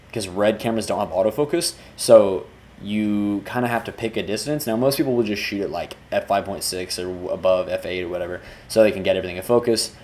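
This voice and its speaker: With slight background noise, a man whose voice is fairly low and darkish in tone offers casual commentary breaking down his work as a music video director. He talks loosely and keeps restarting what he's saying.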